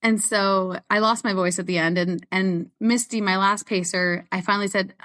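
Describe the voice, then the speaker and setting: Chatting casually as a guest on an interview show, this ultrarunner tells stories and laughs frequently. She speaks at normal speed with few pauses, her medium-pitched voice fairly bright and even in intonation.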